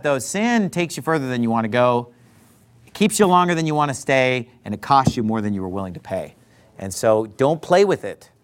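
A male pastor delivering an emphatic sermon, preaching hard and mocking his critics in mock voices. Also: high voice. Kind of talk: fiery sermon.

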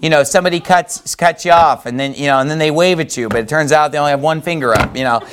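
A man's voice: a little high, fast, fairly bright tone, clear, resonant tone. A man preaching in a loose, conversational way, rambling with many restarts and folksy asides. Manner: rambling, folksy, heavy with "you know" and restarts. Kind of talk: conversational sermon.

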